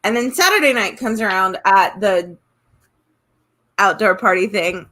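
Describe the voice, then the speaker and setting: A woman co-hosting a podcast who tells stories in an animated, sarcastic way and giggles often. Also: mid-range voice, a little slow. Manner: animated storyteller, self-described sarcastic, giggly. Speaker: podcast co-host. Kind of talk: casual podcast chat.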